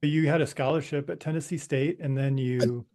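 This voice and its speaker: A man's voice: on the high side, fairly even intonation, normal speed, mellow. A man co-hosting a sports podcast, asking the guest questions and reacting encouragingly to his story. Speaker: podcast co-host. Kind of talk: interview questions.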